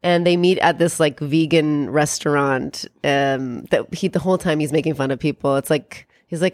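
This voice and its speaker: A young woman with a slightly low voice talks through a film she has watched, in a loose, chatty way. She jumps into quick impressions of the characters' lines. Her voice sounds close and dry, with no room around it. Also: a little mellow, no echo. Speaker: podcast co-host. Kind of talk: casual film recap chat.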